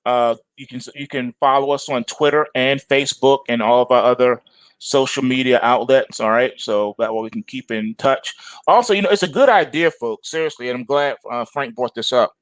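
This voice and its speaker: Joking trading-stream host, dry close mic. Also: male voice, normal speed, no echo. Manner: playful, jokey, swings into high mock-whiny bits. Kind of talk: live-stream market chat.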